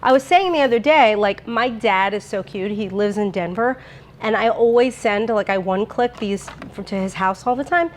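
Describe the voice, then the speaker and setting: A woman's voice: medium pitch, normal speed. A woman presenting a sponsored cooking demo in a home kitchen, talking in a chatty, bubbly way with lots of fillers. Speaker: brand presenter.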